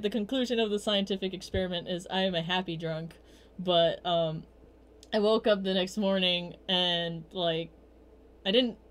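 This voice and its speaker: A chatty young woman hosting a livestream rambles through casual stories in a fairly bright tone. She uses many fillers and restarts, and when quoting herself her voice jumps higher in bursts.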